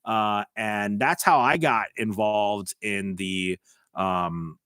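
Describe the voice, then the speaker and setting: A man's voice: lowish voice, slow pace, sharp tone, clean tone, no room sound, clean studio sound. Casual man chatting on a live stream. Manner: rambling, filler-heavy, reads viewer comments aloud. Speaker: voice-over coach and channel host.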